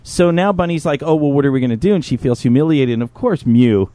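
A man hosting a podcast, telling stories in a profane, animated casual chat. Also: on the high side, fast talker, no room sound. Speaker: podcast host.

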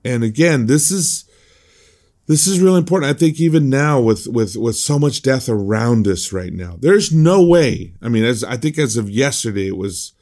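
A man's voice: mid-range voice, animated, normal speed, darkish tone. A male pastor reading a passage of scripture and explaining it in an informal devotional, often repeating words as he restarts a thought. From United States. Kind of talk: devotional Bible teaching.

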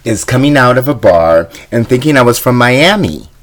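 A man's voice: mid-range voice, animated, moderate pace. A man co-hosting a podcast, answering with dry, laid-back quips. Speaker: podcast co-host. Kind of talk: casual chat.

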